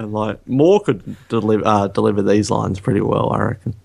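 A man's voice: on the low side, steady tone, normal speed, gravelly, few pauses, darkish tone, no echo. A good-humoured man co-hosting a casual film podcast, laughing often as he talks. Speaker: podcast co-host. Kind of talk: casual film-review chat.

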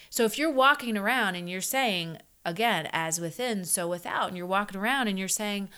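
A woman's voice: mid-range voice, a little fast, few pauses, bright, forceful tone, smooth. A middle-aged woman, a leadership coach, talking casually and earnestly, repeating herself with many fillers. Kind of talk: casual podcast talk.

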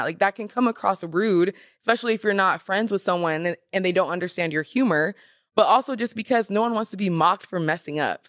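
Young woman podcast host, fairly low voice, dry close sound, sassy and emphatic chat. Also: dry recording. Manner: animated, emphatic, sassy asides. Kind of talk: casual chat.

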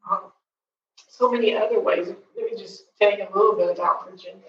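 Woman, 40s, grieving mother's faith testimony, halting and earnest, heard from afar through a dull, booming room. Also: steady tone, a little hiss or hum. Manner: halting, with frequent pauses and fillers; earnest and tender. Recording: very echoey, distant, dull recording.

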